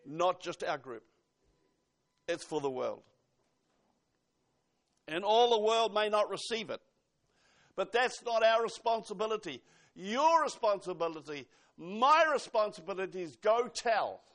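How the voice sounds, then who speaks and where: A man's voice: sits high, animated, moderate pace, fairly bright tone. A man preaching a sermon, emphatic, quoting scripture and asking the congregation questions.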